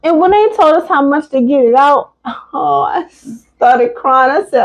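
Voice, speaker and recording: A woman's voice: high-pitched, unhurried, hardly any pauses, poor audio. A woman co-hosting a casual chat, telling a story and acting out every quote. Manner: animated storyteller, acts out quotes. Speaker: podcast co-host.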